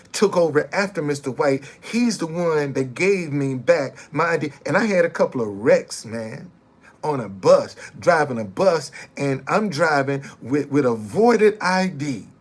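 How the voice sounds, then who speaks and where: A man's voice: on the high side, animated, measured pace. Emphatic, repetitive man. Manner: emphatic, repeats himself. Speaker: former bus driver telling his story. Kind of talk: casual storytelling.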